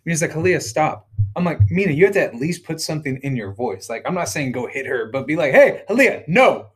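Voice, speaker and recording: A man's voice: a little high, fast, husky. A man co-hosting a podcast, a father who chats casually and makes teasing jokes. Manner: joking, teasing. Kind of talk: casual chat.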